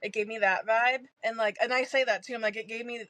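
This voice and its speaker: A woman's voice: fairly high pitch, fairly even intonation, fast, a bit bright, no echo. A woman co-hosting a casual book podcast, blunt and swearing freely. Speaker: podcast co-host. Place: at home with a cat.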